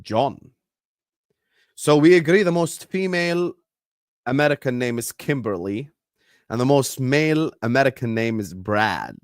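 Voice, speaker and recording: A man whose first language is Arabic chats casually on a live football watchalong, joking and teasing his viewers. His mid-pitched voice swings lively up and down, and it sits dry and close with no room sound. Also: a little slow, long pauses, dry recording. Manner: joking, banters with chat. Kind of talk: casual live-stream chat.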